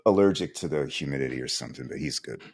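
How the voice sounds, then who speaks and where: A man's voice: a bass voice, expressive, quick pace, a little mellow, slightly rough. A man co-hosting a podcast, chatting casually and throwing in dry jokes. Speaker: podcast co-host. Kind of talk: casual chat.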